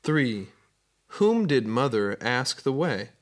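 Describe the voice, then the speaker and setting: A man reading numbered exam questions in a measured, plain way. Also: medium pitch, big pitch swings.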